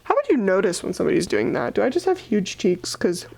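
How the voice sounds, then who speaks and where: A woman's voice: mid-range voice, huge pitch swings, quick pace, creaky, a little mellow, breathy edge. A young woman giving casual, sarcastic book commentary, chatty and full of fillers. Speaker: book reviewer.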